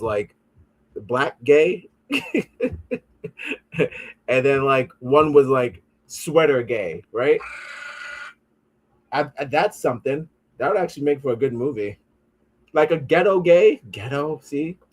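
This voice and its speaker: A man's voice: mid-range voice, a little slow, pauses often. Profane man riffing as a podcast host. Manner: profane, riffing, reading comments aloud. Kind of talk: casual comedic commentary.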